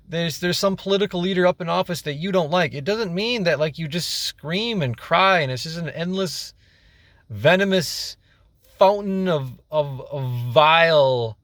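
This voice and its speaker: Young man, vlogger, rambling exasperated rant, curses, slightly high voice, dry close sound. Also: fairly bright tone, dry recording. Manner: exasperated, rambling, repeats himself and swears. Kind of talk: casual rant to camera.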